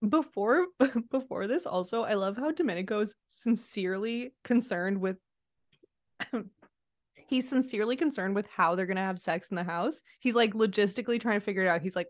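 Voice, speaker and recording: A woman's voice: a little high, animated, moderate pace, no room sound, clean studio sound. A woman co-hosting a podcast, chatting casually and laughing often as she acts out quotes. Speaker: podcast co-host. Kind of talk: casual recap chat.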